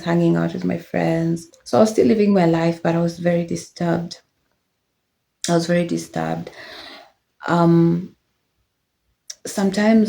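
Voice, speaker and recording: A young woman vlogger shares her personal testimony, telling her life story candidly in a casual, reflective way. Her voice is fairly low with vocal fry, and she sprinkles in soft laughs and fillers.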